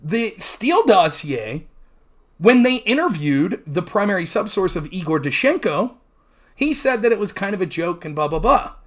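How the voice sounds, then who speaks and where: A male talk show host walks through an old debate, arguing his case hard and with emphasis. His pitch rises and falls a lot as he pushes each point. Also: big pitch swings, moderate pace. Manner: argumentative, mimics opponents mid-sentence; profane and emphatic. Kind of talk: heated debate recap monologue.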